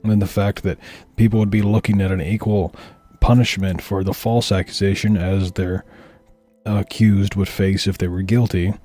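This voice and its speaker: A man's voice: sits low, little pitch movement, normal speed, dark tone. A man giving blunt, opinionated commentary on a stream and swearing freely. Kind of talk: casual commentary over footage.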